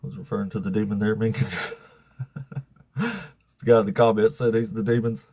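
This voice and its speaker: A man's voice: on the low side, flat delivery, fairly quick, darkish tone, dry recording. A man hosting a livestream debate show, joking and laughing often.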